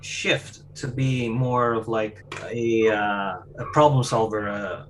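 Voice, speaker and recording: A man co-hosting a podcast, thinking aloud in a hesitant, halting way. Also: mid-range voice, steady tone, background noise. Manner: thoughtful, hesitant, restarts while explaining. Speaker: podcast co-host. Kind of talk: casual chat.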